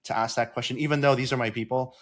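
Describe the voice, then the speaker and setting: A man's voice: mid-range voice, fairly even intonation, quick pace, fairly bright tone. A man co-hosting a podcast, speaking in a thoughtful, reflective way with frequent fillers. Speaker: podcast co-host. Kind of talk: casual conversation.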